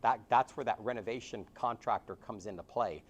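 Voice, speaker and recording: A man leading a real estate sales training, role-playing his pitch to home sellers and telling stories with animation. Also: a little fast, dull audio, a little hiss or hum. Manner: animated storytelling.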